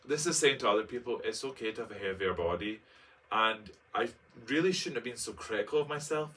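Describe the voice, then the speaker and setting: A man's voice: medium pitch, lively intonation, brisk, fairly bright tone, recorded from a distance. A man, reading his own personal essay aloud and breaking off for camp, playful asides. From Scotland. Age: late 20s. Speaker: vlogger.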